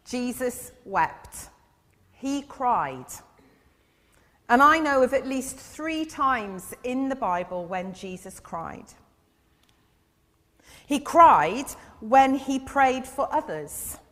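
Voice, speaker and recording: A woman giving a gentle children's sermon in church, asking her listeners questions as she goes. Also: sits high, expressive, extremely slow, long pauses. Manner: gentle, asks the audience questions. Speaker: church speaker giving an all-age talk. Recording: long reverb in a big hall.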